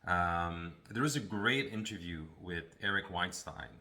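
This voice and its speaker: Deep bright-toned male podcast host. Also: a little slow. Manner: hesitant, many fillers. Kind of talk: casual introduction of clips.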